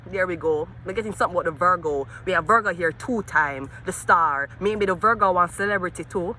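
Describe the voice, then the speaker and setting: A woman with a Jamaican accent reads tarot cards outdoors for her vlog, cursing freely as she moves between heated rants and quiet muttering. Her voice is bright and sharp, with a faint hum of traffic behind her. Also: on the low side, animated, a little fast, hardly any pauses. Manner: profane, cursing, swings between ranting and muttering. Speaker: tarot reader.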